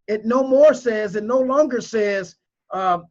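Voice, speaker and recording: A male crypto commentator delivers emotional, preachy video commentary, hammering his points home by repeating them with strong emphasis. His voice is high-pitched and a little slow, and the recording has its highs cut off.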